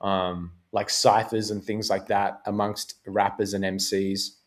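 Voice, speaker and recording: A man's voice: lowish voice, little pitch movement, unhurried. Laid-back rambling Australian man. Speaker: podcast host. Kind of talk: casual chat.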